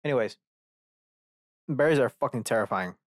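A man's voice: mid-range voice, expressive, moderate pace, no echo, studio quality. A young man hosting a casual rant podcast, telling a rambling, profane story and acting out characters as he goes. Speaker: podcast host.

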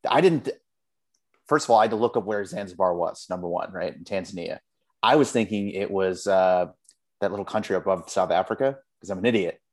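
A man with a low, brisk voice co-hosts a podcast, chatting casually and launching into animated, profane rants full of swearing.

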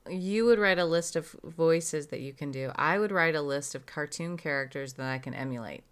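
Female podcast co-host, slightly low voice, playful quick asides. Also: smooth. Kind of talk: casual chat.

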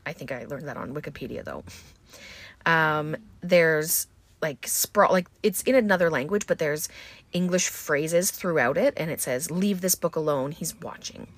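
A woman's voice: low voice, expressive, normal speed, dry recording. A woman casually recapping a horror film, chatty and full of filler words. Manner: chatty, many ums and likes.

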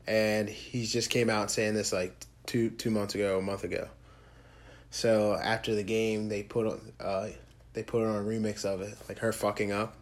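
A man's voice: on the low side, flat delivery, normal speed. A man co-hosting a podcast, rambling loosely in casual chat, joking and swearing. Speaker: podcast co-host.

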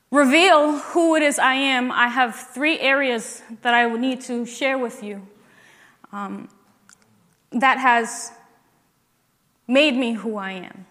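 An earnest woman shares her faith testimony slowly, with a fairly high voice. Her words build to emphatic declarations. A long reverb trails behind her, as in a large hall. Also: a bit bright. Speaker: speaker giving a testimony.

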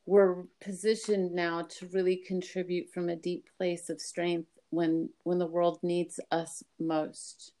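A woman co-hosting a casual podcast conversation, earnest and quick to laugh. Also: on the low side, flat delivery, dark tone. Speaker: podcast co-host.

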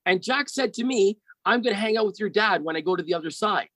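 A middle-aged man telling a personal story in casual conversation, animated and often repeating words as he starts a sentence. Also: high-pitched, fast, dry recording, poor audio.

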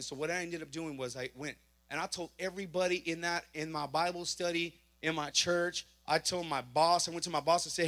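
A man giving a spoken testimony to a congregation, telling an animated story and acting out the dialogue himself. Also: on the high side, fast talker. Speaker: church member giving testimony.

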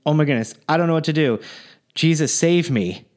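Guy doing a nervous dead guy at the pearly gates, pleading, bit low and quiet. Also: fairly quick, natural voice. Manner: nervous, pleading, self-reassuring. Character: anxious newly dead man pleading his case.

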